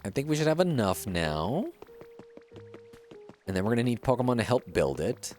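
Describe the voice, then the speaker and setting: A man's voice: mid-range voice, very animated, moderate pace, darkish tone. A man hosting a casual let's-play, chatting playfully and thinking aloud as he goes. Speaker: gaming channel host. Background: faint game music.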